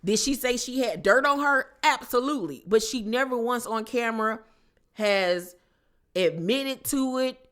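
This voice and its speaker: A woman's voice: on the high side, lively intonation, a little slow, a bit bright. A woman hosting a casual reality TV recap with a sassy, slangy, blunt manner. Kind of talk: casual commentary vlog.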